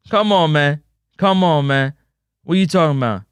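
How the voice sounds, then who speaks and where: A man with a Jamaican accent hosting a casual football talk stream, playful and full of shout-outs and "boop" sound effects. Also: on the high side, moderate pace, background noise. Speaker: sports talk show host. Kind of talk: casual livestream football commentary. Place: indoors in a building overlooking a stadium.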